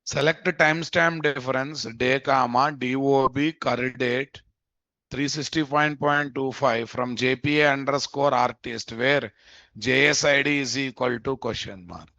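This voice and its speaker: A man's voice: mid-range voice, fairly even intonation, unhurried, pushed and bright, no room sound. A man teaching a live coding lesson. He thinks aloud, repeats phrases, and keeps checking in with "guys?". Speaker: programming instructor. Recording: dull, dry lo-fi mic audio.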